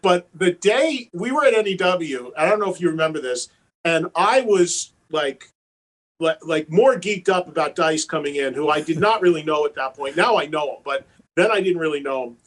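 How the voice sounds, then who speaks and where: With a fairly high pitch and a normal pace, this talk show guest settles into a long, relaxed anecdote. He performs the characters animatedly, slipping into their quoted voices.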